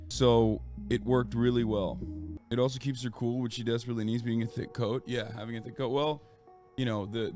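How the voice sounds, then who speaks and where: Casual, profane man streaming while sick. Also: mid-range voice. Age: 30s. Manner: rambling, profane, restarts and trails off. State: sick, stuffy. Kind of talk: casual chat to a live stream audience.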